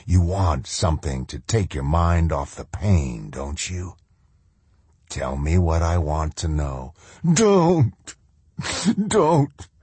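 Cold masked colonel, quiet low menace, voiced by a man; slow, husky, dry. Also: no room sound, heavily acted. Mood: menacing.

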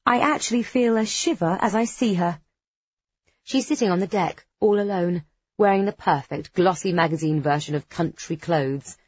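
A woman narrating a first-person novel in an expressive, lively reading. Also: medium pitch, slightly rough, no room sound, muffled recording. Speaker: audiobook narrator.

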